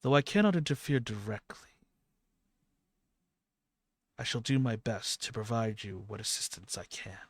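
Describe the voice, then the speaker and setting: A man voicing a grave, ancient scarab god with a low, gravelly voice. His slow, formal words sound heavy. The sound is dry and close. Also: no room sound. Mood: solemn. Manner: solemn, formal pronouncements.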